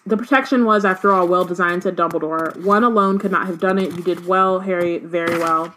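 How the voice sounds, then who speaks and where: A woman's voice: on the low side, steady tone, normal speed, pushed and bright. A woman reading a book aloud and breaking off into casual slangy commentary, full of "um" and "like". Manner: many fillers and "like", loose slangy asides. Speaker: podcast co-host reading and discussing a book.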